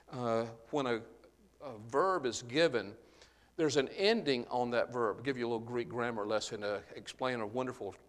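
Earnest preacher man in a reverberant hall. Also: medium pitch. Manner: earnest, explanatory, with frequent "uh" fillers. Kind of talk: Bible-teaching sermon. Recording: long reverb of a large hall.

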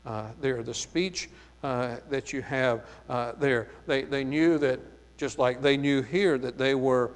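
A man's voice: mid-range voice, slow. Southern guy reading scripture then explaining it, lots of "uh, there", long hall reverb. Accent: light Southern US. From American South. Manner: reads scripture aloud, then explains it with frequent "uh, there" fillers. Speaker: Bible teacher. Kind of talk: Bible study sermon.

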